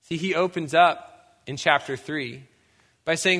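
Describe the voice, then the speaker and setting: A young man preaching a sermon as a pastor, telling lively stories and breaking into shouts to act out scenes. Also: a little high, measured pace. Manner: animated storytelling, bursts into shouts when acting out scenes. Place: church sanctuary. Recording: long hall reverb.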